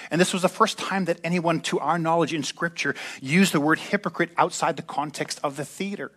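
A pastor delivering a sermon at a church service in a conversational style, slipping in joking asides. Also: male voice, on the high side, steady tone, fairly quick, a bit bright.

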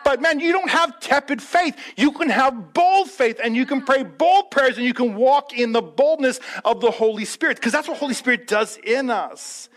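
High-voiced pastor preaching a lively sermon. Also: male voice. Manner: animated preaching, acts out quoted voices, slows for emphasis.

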